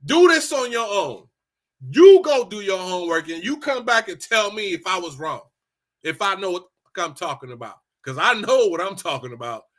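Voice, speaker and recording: A man from Los Angeles talking straight to his audience in a blunt, profane, animated rant full of repeated phrases. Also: sits high, normal speed. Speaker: commentator. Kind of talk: casual political rant.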